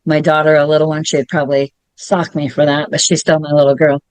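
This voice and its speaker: A woman's voice: deep voice, level tone, fairly quick, a little mellow, no echo. A middle-aged woman as a guest in a casual podcast chat, easygoing and musing aloud.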